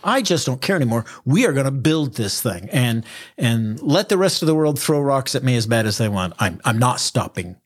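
A man leads a casual bible discussion in an animated way, his pitch swinging widely as he tells the story. He laughs often and slips into quick character voices. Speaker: bible study podcast host.

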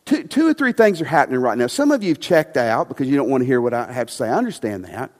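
A male pastor preaching a sermon, emphatic and passionate at times, then quiet and soft. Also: medium pitch, big pitch swings, fast talker, long reverb tail. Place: church sanctuary.

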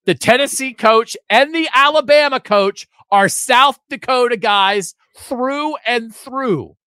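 A man's voice: extremely high pitch, takes it slowly, bright, forceful tone, clean tone, no room sound, studio quality. A man co-hosting a sports podcast, giving emphatic, opinionated talk with sarcastic asides.

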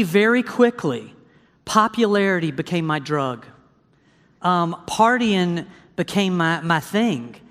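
Man, preacher, sermon testimony, animated storytelling, high voice, long hall reverb. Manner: animated storytelling, addresses audience directly.

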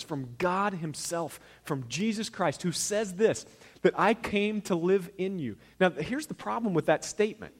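A male pastor giving a candid, conversational sermon, laughing at himself and swinging from soft asides to loud emphasis. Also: high voice.

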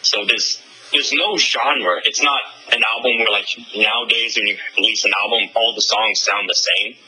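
Husky, sharp-toned young man. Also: on the low side, normal speed, rough recording. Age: 20s. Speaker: musician guest. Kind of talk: casual interview answers.

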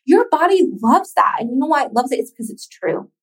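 A woman hosting a podcast, talking casually and encouragingly straight to the listener, with swearing and long pauses. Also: high-pitched, expressive, poor audio. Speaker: podcast host. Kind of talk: motivational podcast monologue.

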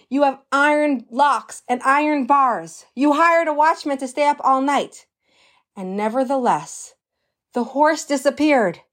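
A woman voicing a pensive male night watchman who ponders odd little puzzles. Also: high-pitched. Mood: agitated. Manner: musing, earnest.

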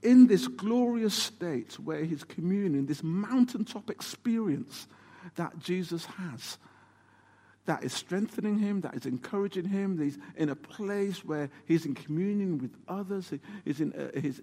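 A man preaching a sermon, telling the story in an animated, emphatic way and asking rhetorical questions. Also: sits high, unhurried. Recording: long hall reverb.

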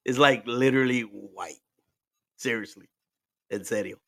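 A podcast host speaks a little slowly in a mid-range, slightly bright voice with vocal fry, recorded dry at studio quality. Drinking as he chats casually, he tells a story, laughing and swearing while switching between English and Spanish.

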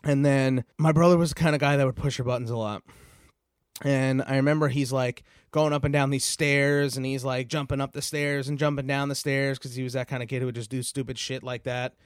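A man's voice: mid-range voice, fairly even intonation, brisk, clear, resonant tone, no room sound, studio quality. A young man hosting a podcast, telling a long personal story in a rambling, casual way, full of fillers and swearing. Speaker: podcast host.

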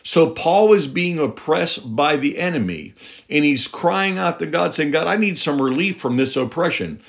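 A man's voice: on the high side, animated, moderate pace, gravelly. A middle-aged man preaching a sermon, emphatic, with rhetorical questions and a voice that climbs on key points.

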